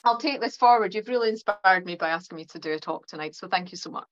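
A woman's voice: mid-range voice, fast, highs cut off. A woman from Scotland with a mild Perthshire accent, chatting as a guest on a live stream and acting out quoted exchanges, speaking into a phone. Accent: Scottish, Perthshire. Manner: animated, acts out quoted exchanges. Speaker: guest speaker, spiritual teacher.

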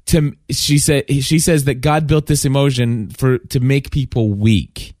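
A man's voice: medium pitch, steady tone, measured pace, a little mellow, no echo, clean studio sound. A man from Kentucky hosting a podcast, talking earnestly and emotionally with lots of restarts. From Kentucky, USA. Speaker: podcast host. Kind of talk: casual podcast chat.

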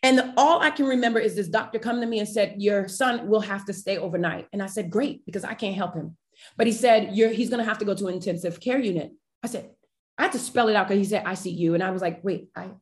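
A woman, a podcast guest, telling a personal family story with feeling and acting out the dialogue. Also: mid-range voice. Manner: emotional, animated retelling with quoted dialogue.

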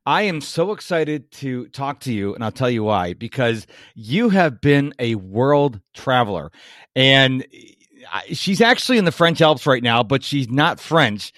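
A man's voice: mid-range voice, very animated, a little slow, a bit bright, no room sound, clean studio sound. A man hosting a podcast interview, talking in an enthusiastic, rambling way with fillers. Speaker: podcast host. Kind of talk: casual interview chat.

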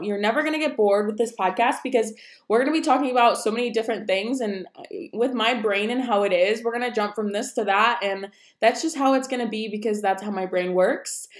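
A young woman talks through her own podcast with loose, friendly chatter, drifting from one thought to the next and leaning on "um" and "like." Her voice sits at a middle pitch. The home room around her adds a noticeable echo. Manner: chatty, rambling, says um and like often. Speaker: podcast host. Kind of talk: unedited casual solo podcast chat. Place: room at home, busy road outside.

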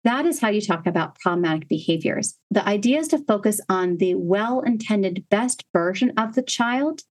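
A woman hosts a parenting podcast, walking listeners through each step with earnest, gentle emphasis. Her voice sits at an ordinary middle pitch for a woman, and she explains patiently, one point at a time. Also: animated, moderate pace. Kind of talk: instructional podcast talk.

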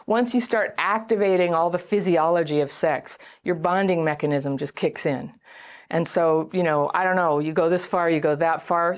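A middle-aged woman giving casual advice on dating and trauma, chatty and animated, often acting out what people say. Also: fairly low pitch. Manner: chatty, animated, acts out quoted voices. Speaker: relationship and trauma advice host. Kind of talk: casual direct-to-camera advice talk.

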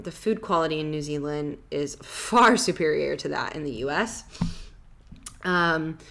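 Woman podcaster, slightly low voice, rambling travel story, lots of "like". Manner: rambling, full of "like" and "you know". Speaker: podcast host.

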